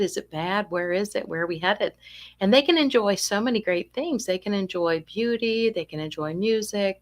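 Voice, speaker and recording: A woman's voice: mid-range voice, a bit bright. A woman giving an online talk to family caregivers, telling stories in a chatty way and checking in with rhetorical questions. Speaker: dementia care educator.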